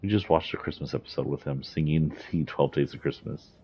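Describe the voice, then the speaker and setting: Very deep-voiced man reviewing game lore. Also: fairly quick, mellow, slight background noise. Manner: rambling, with fillers and laughs. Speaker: gaming video host. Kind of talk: casual game story review. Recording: dull lo-fi recording.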